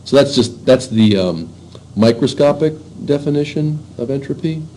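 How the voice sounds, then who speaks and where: Man lecturing casually with a mellow voice. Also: medium pitch, animated, slight background noise, low-quality recording. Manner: informal, halting, many fillers and restarts. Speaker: university lecturer. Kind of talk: classroom lecture.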